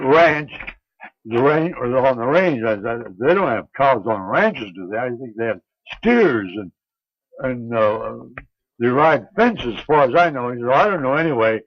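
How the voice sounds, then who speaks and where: An older man being interviewed, telling a long anecdote in a halting, unhurried way with many pauses and restarts. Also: medium pitch, no room sound. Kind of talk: reminiscing anecdote. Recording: dull lo-fi 1950s archive recording.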